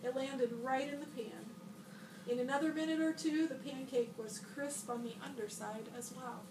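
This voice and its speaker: A school librarian, a woman, reading a picture book aloud to children with lively, expressive delivery and bright shouted lines for the boy. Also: high voice, normal speed. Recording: echoey room, voice a bit far from the mic, audible noise.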